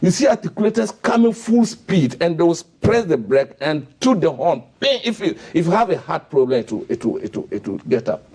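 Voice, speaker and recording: A man's voice: fairly high pitch, sing-song, brisk, hardly any pauses, a little mellow, husky. A man with a Ghanaian English accent, giving indignant, impassioned commentary as a radio panelist and firing off rhetorical questions in a studio. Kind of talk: heated radio talk-show commentary.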